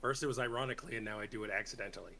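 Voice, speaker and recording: A man on a stream call making short, dry, deadpan jokes. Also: on the low side, rapid-fire, gravelly, a crowd in the background. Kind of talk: casual banter.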